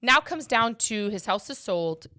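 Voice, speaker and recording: A woman's voice: a little high, lively intonation, a little slow, sharp tone. A woman hosting a casual podcast as a mortgage agent, talking with emphatic passion and speaking straight to her listeners.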